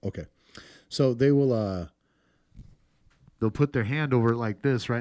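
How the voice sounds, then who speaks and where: A man's voice: medium pitch, moderate pace, long pauses, darkish tone, dry recording, studio quality. A man, an audio engineer, giving a casual spoken lesson on microphone technique in a blunt, emphatic way, swearing freely and often checking in with "right?". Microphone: studio microphone with tube preamp.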